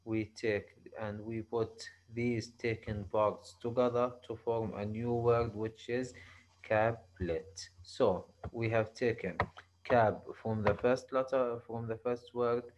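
A male university lecturer with an Arabic accent, explaining slowly in a halting way, often restarting and repeating himself. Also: mid-range voice, fairly even intonation, a little mellow, dull audio, a little hiss or hum. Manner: slow, halting explanation with frequent restarts and repetitions. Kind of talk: recorded online lecture.

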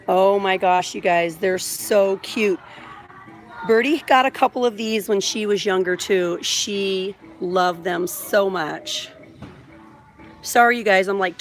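A woman in her thirties, gushing and chatty as she vlogs live while she shops in a big store, filming on a phone mount. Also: medium pitch. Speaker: vlogger. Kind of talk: live shop-with-me vlog. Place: large indoor store. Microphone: phone on a vlogging mount.

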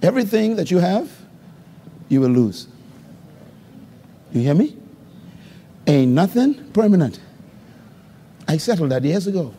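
A man preaching a live sermon as pastor to a congregation, calling for responses and swinging between loud high exclamations and low murmurs. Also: sing-song, unhurried, pauses often, slight background noise. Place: church hall before a congregation. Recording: live recording with long hall reverb.

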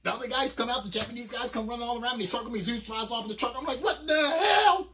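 A man telling a comic story on stage, animated and loud with sudden squeals, from a distant mic. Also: very high voice, rapid-fire. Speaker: comedian. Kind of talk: stand-up comedy storytelling.

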